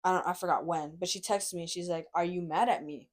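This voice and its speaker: A woman's voice: fairly low pitch, quick pace. Young woman, college age, chatty storyteller who mimics the people she quotes. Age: young adult. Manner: animated, acts out quoted voices. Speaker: guest, college student sister. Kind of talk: casual storytelling chat. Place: office.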